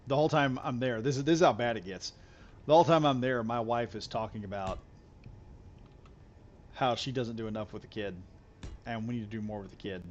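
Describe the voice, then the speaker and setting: A man's voice: mid-range voice, steady tone, a little fast, pauses often, highs cut off. Guy streaming a game, rambles on and repeats himself, a bit of background noise. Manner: rambling, repeats himself, talks straight to viewers. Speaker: gaming live streamer. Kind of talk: casual live stream chat while gaming.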